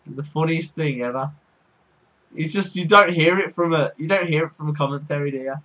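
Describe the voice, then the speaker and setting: A young man with a Birmingham accent giving excitable, casual commentary on his football game, shouting and laughing when goals go in. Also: a little high, a little fast, highs cut off. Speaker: gaming YouTuber.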